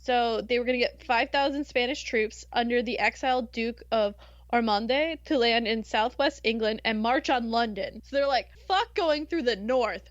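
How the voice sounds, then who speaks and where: A woman's voice: a little high, moderate pace, no echo, highs cut off. Giggly American woman telling history. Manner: giggly, animated storytelling with playful asides. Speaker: podcast host. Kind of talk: casual history chat.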